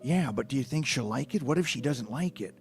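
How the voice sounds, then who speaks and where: A man's voice: mid-range voice, expressive, brisk, darkish tone, soft background music, natural voice. A man voicing a nervous, lovesick male dog fretting before a proposal, in a read-aloud storybook. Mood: anxious.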